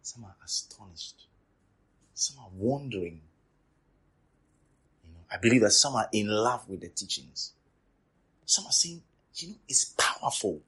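A man's voice: lowish voice, normal speed, long pauses, husky. A man preaching a sermon to trainee teachers, emphatic and repetitive, dropping to near whispers and rising again. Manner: repetitive, emphatic, swings from loud to quiet.

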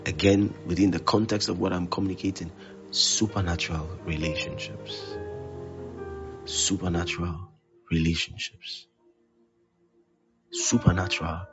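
A man preaching a sermon as pastor, repeating his phrases with force, then dropping to a hush. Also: sits low, expressive, normal speed, lo-fi sound, over music. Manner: emphatic preaching, repeats phrases, swings loud to hushed.

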